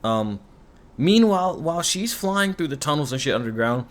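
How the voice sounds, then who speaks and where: A man's voice: fairly high pitch, animated, moderate pace. A man recapping a TV show in a rambling, profane, sarcastic rant, full of asides and complaints. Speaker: commentary YouTuber.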